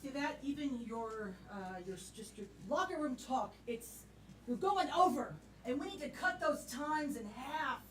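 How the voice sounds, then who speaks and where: A woman's voice: high-pitched, expressive, a little slow, a little hiss or hum. Emotional football coach, played by a woman, rambling pep talks, roomy live stage sound. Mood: earnest. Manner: rambling, choked-up pep talk. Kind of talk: live improv scene. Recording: echoey stage sound from a distant mic.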